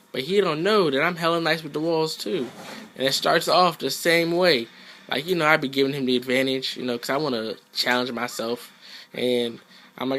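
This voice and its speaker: A man narrating a video game match he played, in quick, slangy, profane trash-talk. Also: fairly high pitch, steady tone, bright, forceful tone. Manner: quick, loose storytelling. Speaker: gaming channel host. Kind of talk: casual commentary over gameplay.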